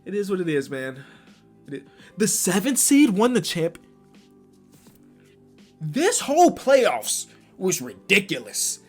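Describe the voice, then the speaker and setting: A young man giving slangy commentary on a basketball video game, swinging from low muttering to loud excited yelling. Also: slow pace, pauses often, husky, soft background music. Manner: slangy, talks to himself about the game. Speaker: gaming YouTuber.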